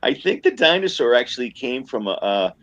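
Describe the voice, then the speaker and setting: A man reminiscing at home in his recliner, talking haltingly with many fillers, heard over a dull lo-fi remote line. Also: medium pitch, sing-song, fairly bright tone, no room sound. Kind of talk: casual chat, reminiscing.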